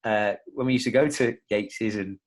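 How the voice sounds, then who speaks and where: Lower-voiced man in rambling podcast chat. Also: fairly quick. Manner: rambling, many restarts and fillers, laughs a lot. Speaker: podcast guest, fitness coach.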